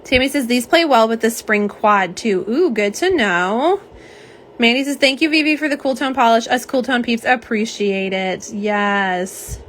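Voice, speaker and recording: A young woman hosts a casual live unboxing and swatch stream, chatting and reading viewer comments out loud. Her voice is on the high side and a bit bright, with a little hiss or hum.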